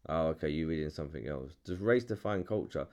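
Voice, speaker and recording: A man's voice: very deep voice, expressive, fast, darkish tone. A young man with a London English accent hosting a casual chat, restarting sentences, repeating himself and swearing freely. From England. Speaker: podcast host.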